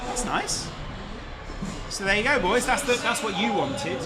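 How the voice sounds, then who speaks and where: Hosting a live match watch-along, a man banters, chats and exclaims at the big moments of the game. His voice sits high with lively intonation and an unhurried pace, while loud crowd noise fills the background.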